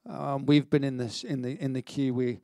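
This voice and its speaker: A middle-aged Welsh pastor preaches a sermon in an energetic, conversational style, stammering into restarts and poking fun at himself. His gravelly voice is medium in pitch and moderately paced, recorded in studio quality with no room sound.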